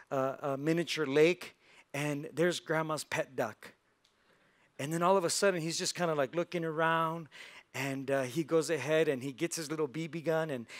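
A man's voice: a little high, a bit bright. A male pastor giving a sermon in a church, telling a story and acting out its characters' lines. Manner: storytelling with acted-out voices.

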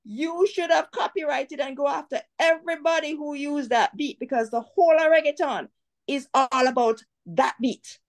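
A woman with a Jamaican accent speaks as an interview guest, outspoken and animated. Her voice sits a little high. She talks casually and pushes her points hard. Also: normal speed. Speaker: cultural commentator, guest.

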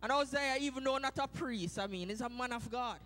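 Jamaican male preacher, very high and bright, church sermon that jumps between hushed and shouted. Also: a little fast, long reverb tail. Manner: swings from low, hushed storytelling to loud shouted preaching. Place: church sanctuary.

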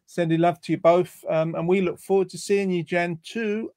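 On a casual online quiz show, a man reads viewer comments aloud, joking and rambling with plenty of ums. His high voice is a little mellow, fairly even in intonation and moderately paced, captured in clean, echo-free studio sound.

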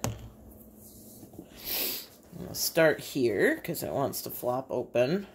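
A woman's voice: extremely low pitch, sing-song, slow pace, a little hiss or hum. A woman with a Bay City, Michigan accent, an artist and teacher chatting casually as she demonstrates a craft in her home kitchen, thinking aloud as she works.

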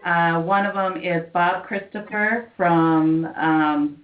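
A woman's voice: fairly low pitch, steady tone, slow pace. Giggly woman radio co-host. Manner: giggly, chatty. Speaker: co-host of a paranormal radio show. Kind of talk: casual radio chat. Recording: echoey room, muffled lo-fi sound.

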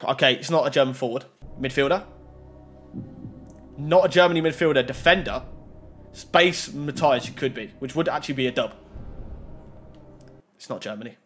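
A man's voice: mid-range voice, normal speed, pauses often, soft background music. A young man giving casual running commentary while opening game packs. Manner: running commentary, rising to excited shouts. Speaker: FIFA pack-opening YouTuber.

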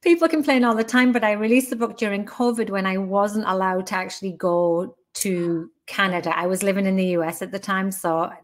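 A woman in her fifties speaks with a Northeast English accent as a podcast guest. She is frank and down to earth, with no fuss. Her voice sits at an ordinary mid pitch. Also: fairly even intonation, fairly quick, hardly any pauses. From Northeast England. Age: 50s. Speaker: guest, menopause educator. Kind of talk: casual podcast interview.

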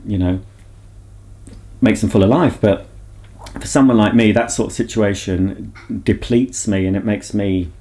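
A man's voice: fairly low pitch, dark tone. A man vlogging in a casual, rambling chat to camera, talking candidly and reflecting on himself.

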